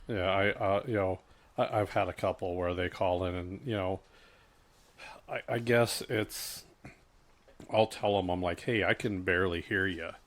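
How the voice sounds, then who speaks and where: Middle-aged male co-host, fairly low voice, casual and halting, lots of restarts. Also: steady tone. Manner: halting, many restarts and fillers. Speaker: podcast co-host. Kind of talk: casual chat.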